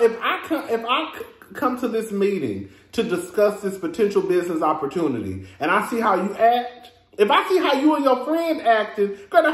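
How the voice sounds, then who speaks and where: A man's voice: high-pitched, echoey room. A man, hosting a casual review vlog in a sassy, chatty way, calling listeners "girl" and laughing often. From Texas. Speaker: reality TV reviewer, host.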